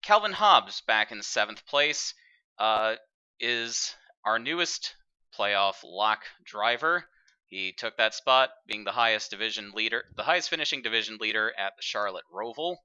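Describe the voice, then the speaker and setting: A man hosting and commentating a virtual racing broadcast in an upbeat, broadcast-style delivery with filler pauses. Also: fairly low pitch, pushed and bright, clear, resonant tone, highs cut off. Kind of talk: play-by-play commentary.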